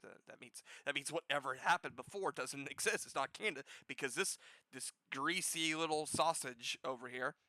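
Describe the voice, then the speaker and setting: A man hosting a gaming news show with casual commentary, profane and sarcastic, jumping from loud outbursts to low muttering. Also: normal speed, dry recording, low-quality recording.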